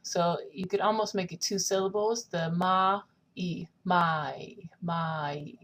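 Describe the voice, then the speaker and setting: A woman's voice: fairly low pitch, steady tone, takes it slowly, a bit bright. A young woman teaching a singing lesson, explaining technique and singing short lines to demonstrate. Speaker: vocal coach.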